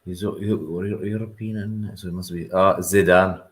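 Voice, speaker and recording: A man playing a football quiz, thinking out loud and second-guessing his answers. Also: low-pitched, fairly even intonation, normal speed. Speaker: quiz contestant. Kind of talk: casual chat.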